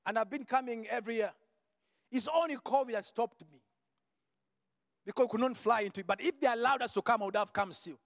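High-voiced fervent male preacher. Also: fairly quick, pauses often, no room sound, clean studio sound, long reverb tail. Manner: fervent, breaks into shouted declarations between quieter asides; repeats words as he restarts a phrase. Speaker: visiting preacher. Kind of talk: sermon with healing testimony.

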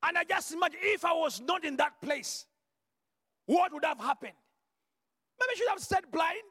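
A man preaching a sermon and telling a healing testimony, shifting from quiet asides to fervent shouted declarations and repeating words as he restarts a phrase. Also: very high voice, expressive, moderate pace, no room sound, studio quality, in a large hall. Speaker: visiting preacher.

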